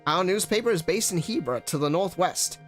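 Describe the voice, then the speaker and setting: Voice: medium pitch, animated, a little fast, faint music behind, pitched above the performer's own voice, natural voice. A streamer voicing a cheery male bird newspaper reporter in a fan-voiced game playthrough, talking in an old-time American newsreader manner. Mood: brisk, upbeat.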